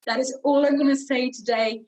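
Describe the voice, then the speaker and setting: A woman's voice: high-pitched, steady tone, a little fast, darkish tone, recorded from a distance, rough recording. A young woman teaching singing, chatty and encouraging, demonstrating each sound. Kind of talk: online vocal warm-up lesson.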